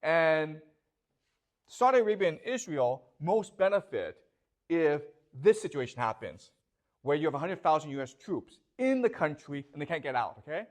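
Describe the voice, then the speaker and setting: A man's voice: a little high, sing-song, moderate pace. A man giving a classroom lecture, posing rhetorical questions and constantly checking that his students follow.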